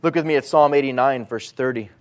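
A man preaching a sermon, animated, moving between loud emphatic lines and quiet asides. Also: mid-range voice, fast talker, smooth.

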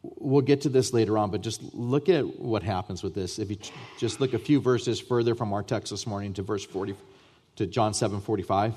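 A man pastor preaching a sermon to his church, emphatic, with repeated starts and swings between loud and soft. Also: lowish voice, fairly quick, breathy edge. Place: church sanctuary.

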